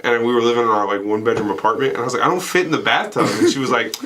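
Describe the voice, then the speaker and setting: A man's voice: medium pitch, rapid-fire, pushed and bright, slight background noise. A young man co-hosting a podcast, telling rambling, profane stories in casual banter and laughing often. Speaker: podcast co-host.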